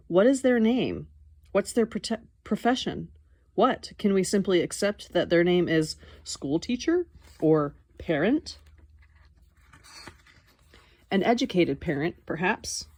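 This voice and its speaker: A young adult woman reading a nonfiction book aloud in an expressive, wry way, breaking off now and then to comment on it. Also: on the low side, no room sound. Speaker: audiobook reader.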